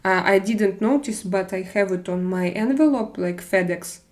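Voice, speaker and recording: A woman with a Russian accent chatting casually on a live stream, halting and hesitant, often restarting with fillers. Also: mid-range voice, darkish tone. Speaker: livestream host reading chat.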